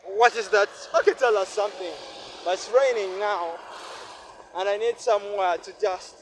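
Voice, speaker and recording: This Ugandan man speaks at normal speed in a high-sitting voice as he films a reflective vlog on a rainy city street. He thinks out loud and keeps posing questions to himself while traffic and street sounds murmur faintly behind him.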